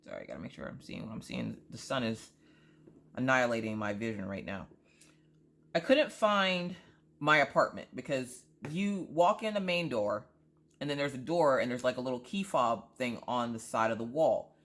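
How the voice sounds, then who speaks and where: A woman vlogger chatting casually, rambling through an animated story with frequent asides. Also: extremely low pitch. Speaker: crafting vlogger. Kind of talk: casual chat.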